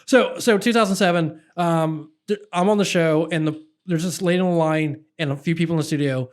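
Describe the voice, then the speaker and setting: A man from Philadelphia, a political activist guest, telling a story in casual podcast chat with lots of restarts. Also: a little high. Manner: earnest, halting storyteller with many restarts.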